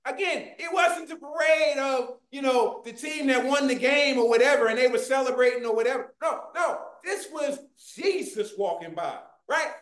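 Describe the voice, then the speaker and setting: A preacher delivering a fervent sermon, often shouting and calling out to the congregation, recorded in a church. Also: high voice, moderate pace, hardly any pauses. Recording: echoey room.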